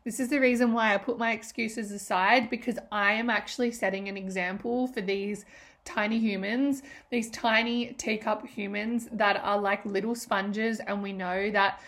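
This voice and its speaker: A woman's voice: mid-range voice, steady tone, moderate pace, fairly bright tone. Female host, 30s, loose unscripted solo podcast talk, emotional and profane. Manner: emotional, rambling, swears freely.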